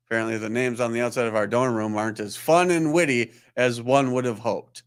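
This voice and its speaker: A man's voice: medium pitch, a little fast, hardly any pauses, clear, resonant tone. Rambling, joking man telling stories. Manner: rambling, self-deprecating, acts out quoted voices. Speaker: chiropractor hosting a weekly live Q&A. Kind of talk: casual storytelling monologue.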